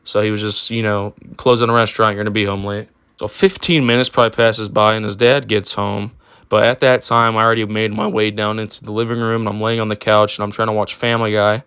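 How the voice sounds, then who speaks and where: A man's voice: lowish voice, little pitch movement, fast, a bit bright, smooth, no room sound, clean studio sound. A young man telling a personal story in a casual, rambling way, with lots of fillers and swearing. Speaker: storytime vlogger.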